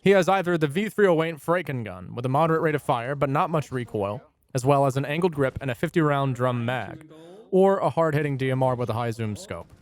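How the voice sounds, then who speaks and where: A man's voice: mid-range voice, lively intonation, fairly quick. A young man reading a scripted game guide with dry, jokey asides. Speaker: gaming YouTuber.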